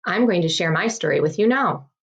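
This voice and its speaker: A woman's voice: fairly low pitch, lively intonation, brisk, gravelly. A woman teacher giving young children ideas for writing a story about someone they love. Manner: encouraging, addresses children directly. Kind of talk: early-grade writing lesson.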